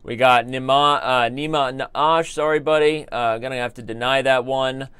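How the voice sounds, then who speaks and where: An American man commentates his live chess games, joking and rambling as he talks to the viewers in the chat. His voice sits at an ordinary male pitch. The recording is dry and close, with no room echo. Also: fairly even intonation, normal speed, a bit bright, smooth. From United States.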